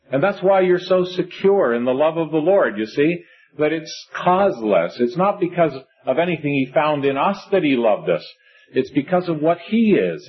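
Husky-voiced man preaching a sermon. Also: on the high side. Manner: earnest, reads scripture in old-fashioned wording, conversational asides. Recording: dull lo-fi recording.

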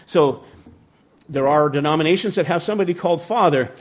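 Guy teaching bible study, reads verses then explains, slightly higher voice, easygoing. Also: fairly quick. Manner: conversational, with ums and a humorous story.

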